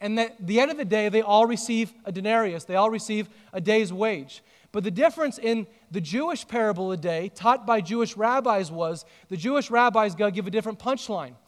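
High-voiced man preaching in a hall. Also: brisk. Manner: animated storytelling, joking with the congregation. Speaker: pastor. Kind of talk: sermon. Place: church auditorium. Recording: long reverb of a large hall.

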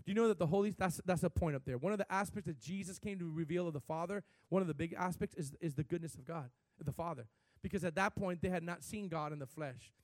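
Man, pastor, sermon, high-pitched, animated preaching, sudden surges in volume, dry sound. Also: fast, dry recording.

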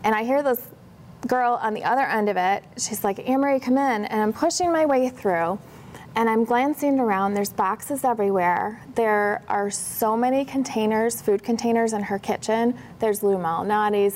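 A woman's voice: mid-range voice, normal speed, a little hiss or hum. A woman, a professional organizer, telling stories in a casual interview and acting out the dialogue in a livelier voice. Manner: animated, acts out dialogue in a brighter voice.

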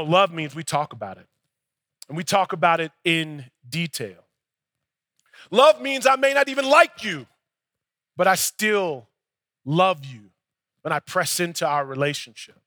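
A young male pastor tells a story from the pulpit in a loose, chatty preaching style, playing out both voices of each exchange. His voice sits high and sounds bright and forceful. The sound is close and dry, with no room echo. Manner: conversational storytelling preacher, acts out dialogue. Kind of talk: sermon.

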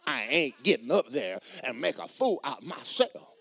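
Animated preacher man, dry sound. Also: normal speed, vocal fry, breathy edge, dry recording. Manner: swings from loud shouts to low mutters; storytelling, mimics skeptics mockingly. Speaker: pastor. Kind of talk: sermon. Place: church.

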